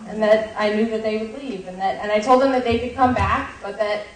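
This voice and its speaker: A woman's voice: mid-range voice, fairly even intonation, fairly quick, distant mic, a little hiss or hum. A young woman casually telling a childhood story, light and a bit shy, often laughing. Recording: very echoey, from off-mic.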